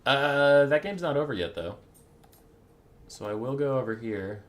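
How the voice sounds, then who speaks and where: A man hosting a game tournament, giving live commentary in an excitable way, laughing and swearing. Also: mid-range voice, unhurried. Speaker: tournament host and caster.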